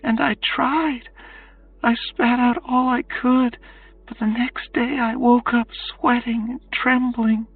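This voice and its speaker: A woman voicing a weary young captive woman, speaking in a quiet, halting confession for an audiobook, over faint music. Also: fairly high pitch, level tone, husky, dry recording, heavily acted. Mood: haunted. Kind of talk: audiobook character voice. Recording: distant tinny phone-like sound, faint music.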